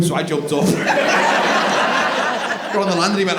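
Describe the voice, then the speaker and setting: A man doing live stand-up comedy on a theatre stage, swinging from mumbled asides to shouted outbursts. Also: medium pitch, a little fast, noisy background. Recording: roomy live theatre recording with crowd. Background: laughing audience.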